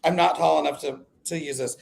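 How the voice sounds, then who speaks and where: Chatty, excitable man with a gravelly voice. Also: a little high, brisk. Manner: chatty, excitable, self-interrupting. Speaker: livestream host. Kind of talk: casual live chat.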